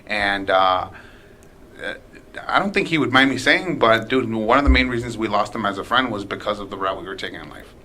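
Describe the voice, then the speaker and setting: A man's voice: on the low side, animated, brisk, pushed and bright, a little hiss or hum. A young man hosting a podcast, talking in an earnest, casual way and calling people "man" and "dude". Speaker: podcast host. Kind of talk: casual chat.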